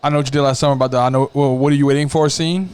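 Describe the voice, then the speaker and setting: A man's voice: very fast, clear, resonant tone. A man in his late thirties with a Cajun accent, co-hosting a casual movie review podcast, who laughs a lot and acts out scenes. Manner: excitable, laughs often, acts out scenes in high voices. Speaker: podcast co-host.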